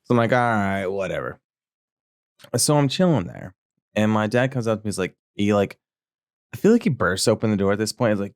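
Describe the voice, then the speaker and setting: Guy on a podcast rambling through a crude story, low-ish voice, smooth, dry close mic. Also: lively intonation, brisk, long pauses, dry recording. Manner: rambling, crude, full of fillers; acts out quotes in raised voice. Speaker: podcast co-host. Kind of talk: casual podcast chat, storytelling.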